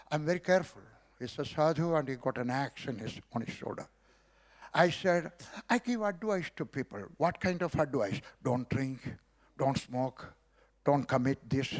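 A middle-aged man from South India with an Indian accent, telling a story as a sermon and acting out the dialogue. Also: fairly high pitch. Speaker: preacher. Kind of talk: sermon testimony.

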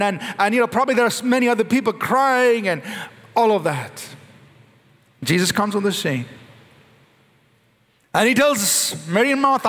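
A male pastor preaching a sermon in an animated way, slowing down and rising in pitch when he recites prayers. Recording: long hall reverb.

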